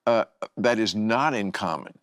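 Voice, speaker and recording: A man's voice: lowish voice, unhurried, fairly bright tone, smooth, no echo, studio quality. An older man hosting a casual chat, wry and blunt, with frequent swearing. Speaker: host.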